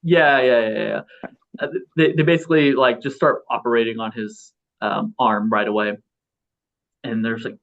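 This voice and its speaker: A man in his thirties with a mid-range, fairly bright voice appears as a philosopher guest in a casual interview. His speech rambles, with frequent restarts and fillers, and the audio sounds slightly dull and lo-fi.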